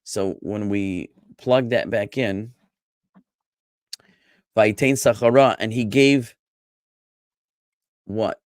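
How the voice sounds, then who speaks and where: Chatty rabbi teaching online. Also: male voice, fairly low pitch, slow pace, long pauses, no room sound, studio quality. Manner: lively, chatty, joking with students. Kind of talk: online class lecture.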